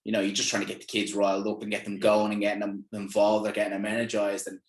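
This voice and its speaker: An Irish man hosting a podcast in casual chat, chatty and quick to act out what others say. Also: fairly low pitch, completely flat delivery. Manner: chatty, acts out quoted lines with bursts of energy. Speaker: podcast host. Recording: roomy echo.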